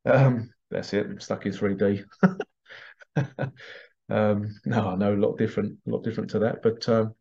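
A man's voice: lowish voice, steady tone, measured pace, gravelly, long pauses, dark tone. A man talking in a rambling, casual monologue, chuckling now and then. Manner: rambling, chuckling, acts out bits in funny voices. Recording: slightly dull lo-fi audio.

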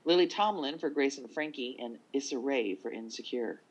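A man co-hosting a casual podcast chat, reading down a list of nominees with quick asides. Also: medium pitch, muffled recording. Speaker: podcast co-host.

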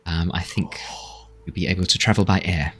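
A man playing a composed, courteous official with a low, husky voice. The figure speaks in a measured, hesitant way. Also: steady tone, fairly bright tone. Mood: calm.

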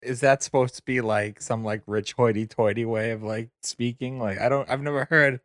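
A man's voice: mid-range voice, steady tone, normal speed, fairly bright tone, no room sound, clean studio sound. A man co-hosting a podcast in casual chat, laughing at his own jokes. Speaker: podcast co-host.

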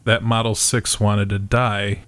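A man's voice: on the low side, little pitch movement, measured pace, a bit bright, dry recording. A man co-hosting a casual TV recap chat with dry, quippy remarks. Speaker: podcast co-host.

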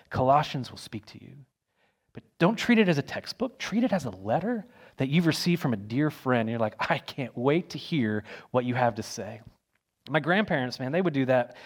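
A young adult male pastor with a mid-range voice preaches a sermon in a conversational, animated way, with frequent fillers and restarts.

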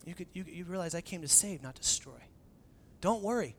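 A young man serving as pastor preaches in an energetic, conversational manner, acting out each quoted exchange. His voice sits high, and his delivery is fairly quick.

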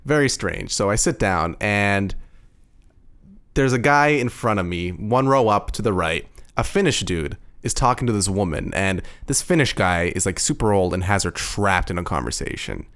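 A man co-hosting a podcast, chatting casually and joking, telling stories with lively delivery. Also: fairly low pitch, moderate pace, smooth. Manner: joking, animated storytelling. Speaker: podcast co-host. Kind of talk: casual chat.

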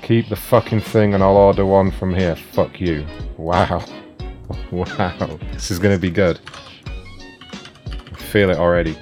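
Deep-voiced, foul-mouthed prank caller. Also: male voice, fairly even intonation, unhurried, pauses often, a little mellow, faint music behind. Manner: profane and sarcastic, mutters insults between calls. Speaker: prank caller and show host. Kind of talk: prank phone call show.

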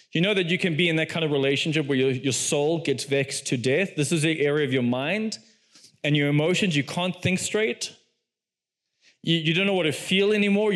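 A man preaching a sermon, telling a story with animated delivery, acting out quoted lines and laughing often as he speaks. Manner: animated storytelling, acts out quoted lines with big pitch swings.

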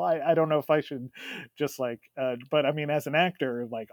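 Young guy on a podcast, voice a bit high, chatty and laughy, super dry close mic. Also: normal speed, dry recording. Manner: animated, storytelling with frequent laughs. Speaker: podcast co-host. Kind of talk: casual chat.

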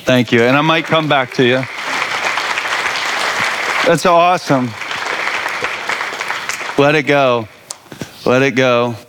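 A man hosting a church gathering, speaking slowly and encouragingly. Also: mid-range voice, steady tone, over a noisy crowd, very noisy. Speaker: host.

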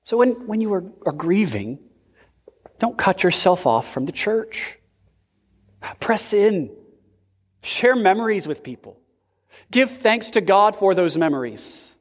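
A man preaching a sermon as pastor, slow and emphatic, with sudden swings in pitch. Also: big pitch swings, breathy edge. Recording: long reverb of a large hall.

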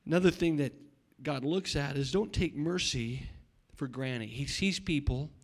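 A middle-aged male pastor preaching a sermon, swinging between loud shouting and quiet asides, often repeating words and restarting. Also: a little high, a little slow, vocal fry.

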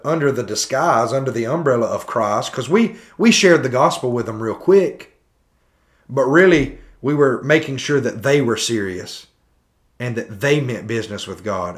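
Man, thirties, earnest, preacherly, rhetorical questions, mid-pitched voice. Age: 30s. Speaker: podcast host. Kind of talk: critical sermon commentary.

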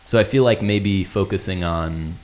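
A man's voice: low voice, normal speed, darkish tone. A man co-hosting a podcast in casual chat, teasing the guest and laughing a lot. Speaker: podcast co-host.

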